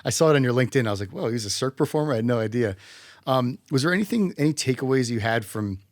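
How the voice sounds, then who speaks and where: A man's voice: mid-range voice, animated, quick pace, dry recording, studio quality. A man hosting a business podcast, chatting casually and agreeably, often chiming in with short affirmations and restarting his sentences. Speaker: podcast host, company CEO. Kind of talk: casual interview chat. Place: podcast studio.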